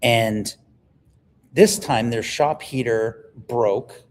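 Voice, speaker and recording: A man, a livestream guest telling stories in an animated, emphatic way. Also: medium pitch, drawn-out words. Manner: animated storyteller, emphatic, repeats words when excited. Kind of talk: casual livestream conversation.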